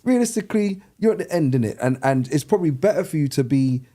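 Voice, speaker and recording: A man's voice: fairly high pitch, fast. A man, co-hosting a casual group chat and telling stories animatedly. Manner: animated storyteller, acts out his own past words. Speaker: podcast co-host.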